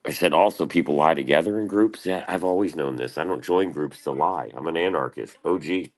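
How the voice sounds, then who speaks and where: Super deep voiced guy ranting on his stream, swearing a lot, doing voices of people. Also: fairly quick. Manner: rambling and profane, quotes others in raised voices. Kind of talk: casual livestream rant. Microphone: streaming mic.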